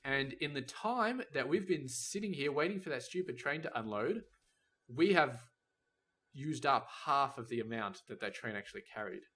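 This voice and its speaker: A man's voice: medium pitch, expressive, normal speed, fairly bright tone. Man thinking aloud over gameplay. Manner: thinking aloud, talks to the game's robots and trains. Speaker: gameplay commentator. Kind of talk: casual let's-play commentary.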